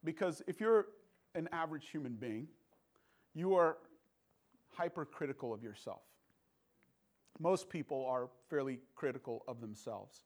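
Male preacher, earnest and halting, voice a bit high. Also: expressive. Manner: earnest, halting, repeats words. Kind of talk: sermon.

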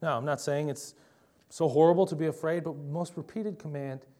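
A man's voice: a little high, fairly even intonation, fairly quick, mellow. A young adult man preaching a sermon in a conversational, emphatic way, often asking the listeners rhetorical questions.

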